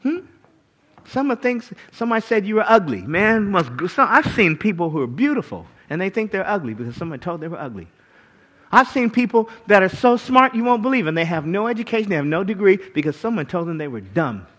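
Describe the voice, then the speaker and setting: A man preaching a sermon, animated, asking the crowd rhetorical questions and acting out the quotes he reads. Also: sits high, brisk, highs cut off. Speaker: pastor.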